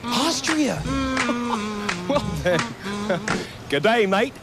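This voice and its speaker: A high, giggly dimwit. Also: male voice, expressive, very slow, heavily acted. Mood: goofy. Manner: cheesy fake accent, giggly. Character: dim-witted goofy grown man, cheerful. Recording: film clip under loud music.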